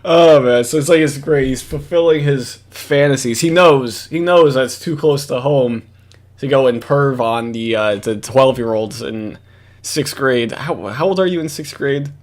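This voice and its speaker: A man's voice: mid-range voice, unhurried. A man giving casual, rambling reaction commentary at his computer, swearing often and breaking into laughs.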